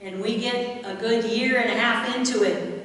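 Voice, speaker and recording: A woman's voice: fairly high pitch, steady tone, normal speed, fairly bright tone. A woman pastor preaching a sermon, retelling a Bible story with quoted voices and rhetorical questions to the congregation. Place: church sanctuary. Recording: echoey church hall, mic far off.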